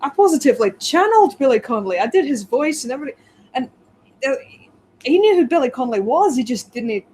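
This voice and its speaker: A woman's voice: sits high, big pitch swings, quick pace, a little mellow, a little hiss or hum. A tipsy woman co-hosting a casual chat, reading a plot summary aloud and breaking off with giggly, wry asides. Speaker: co-host.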